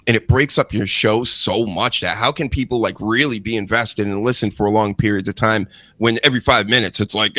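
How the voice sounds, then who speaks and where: A man hosting a wrestling podcast, talking in a bright, forceful voice. He rants with sarcasm and his pitch leaps up when he mocks people. The sound is dry and close to the mic. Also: a little fast, dry recording. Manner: ranting, sarcastic, jumps high when mocking others. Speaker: podcast host. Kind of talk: casual wrestling podcast chat.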